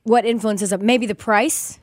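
A woman's voice: on the high side, fairly even intonation, unhurried, no echo, studio quality. A woman hosting a radio show, chatting casually and bubbly with co-hosts.

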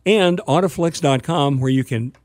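Man, radio co-host, slightly high voice, dry close mic, casual banter. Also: moderate pace, a little mellow, no echo. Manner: reads phone numbers and web address, easygoing.

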